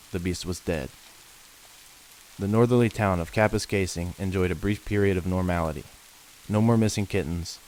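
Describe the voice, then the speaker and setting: Deep-voiced man narrating horror stories. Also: slight background noise, low-quality recording. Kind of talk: scripted narration. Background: faint rain.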